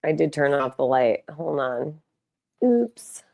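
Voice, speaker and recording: A woman's voice: low voice, big pitch swings, slow pace, vocal fry, mellow. A young woman live-streaming from home, chatting casually and playfully, often slipping into baby talk for her cats.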